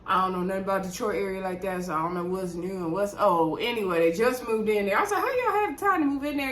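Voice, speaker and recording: A woman at a middle pitch chats through a reality show recap in a relaxed, rambling way. She piles on asides and fillers as if talking to friends. Her voice carries a noticeable room echo. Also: slight background noise. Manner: rambling, chatty, digressive, with frequent asides and fillers. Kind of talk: casual chatty episode recap. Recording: roomy echo.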